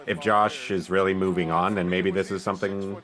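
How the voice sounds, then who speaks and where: A man's voice: deep voice, little pitch movement, a little fast, a bit bright. A man co-hosting a casual chat, laid-back and hesitant, with jokes.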